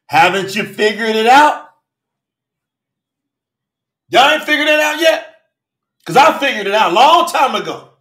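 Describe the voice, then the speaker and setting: A man preaching a fervent livestream sermon, often shouting and calling out viewers by name. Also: very high voice, lively intonation, unhurried, pauses often, roomy sound. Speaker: preacher and channel host.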